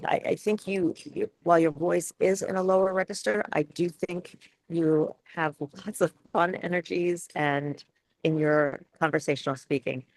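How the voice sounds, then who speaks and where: A woman speech coach hosting a live webinar Q&A, talking in halting phrases with many fillers and restarts over a video call. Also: on the low side, fairly even intonation, no room sound.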